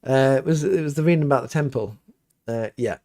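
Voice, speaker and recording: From his home studio, a middle-aged priest hosts a live Q&A stream, talking briskly in a darkish, mid-range voice. He stays casual, rambles, and keeps restarting with lots of fillers.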